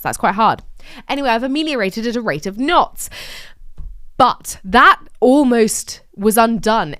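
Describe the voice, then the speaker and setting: A woman's voice: mid-range voice, a bit bright, no room sound, studio quality. An English woman hosting a solo diary podcast, chatting in rambling, sweary, self-mocking rants. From England. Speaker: podcast host.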